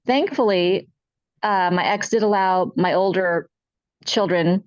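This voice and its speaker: A woman's voice: medium pitch, measured pace, no room sound. Middle-aged woman talking it through, earnest and upset, dull lo-fi audio, dry no room sound. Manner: earnest, distressed, recounting in detail. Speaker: panel guest. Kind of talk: personal account on a podcast panel.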